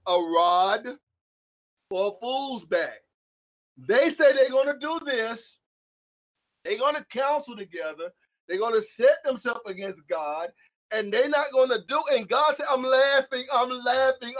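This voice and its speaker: A man preaching a fiery sermon as pastor, swinging from quiet asides to shouted points. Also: sits high.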